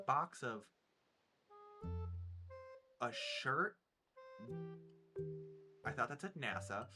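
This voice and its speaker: A man's voice: medium pitch, lively intonation, slow, pauses often, music in the background. A man with a Minnesotan accent chatting playfully over a game stream, joking and swearing. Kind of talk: casual gaming stream commentary.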